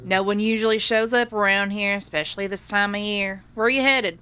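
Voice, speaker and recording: A woman reads a wary, gruff village café worker. Her bright voice stays blunt and warning. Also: mid-range voice, fairly quick, close to an everyday voice.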